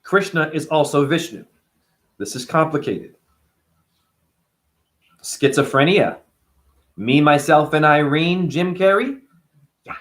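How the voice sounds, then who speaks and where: A man hosting a casual spiritual monologue, animated and profane, full of rhetorical questions. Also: fairly high pitch, takes it slowly, pauses often. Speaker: host.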